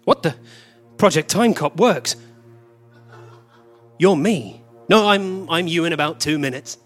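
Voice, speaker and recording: A man acts out a flustered time traveller from a live stage comedy, speaking. His voice sits a little high and swings up and down with lively energy. He bickers in quick, confused exchanges. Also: faint music behind. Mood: confused, bickering. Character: flustered male time traveller meeting copies of himself. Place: theatre stage, recorded live.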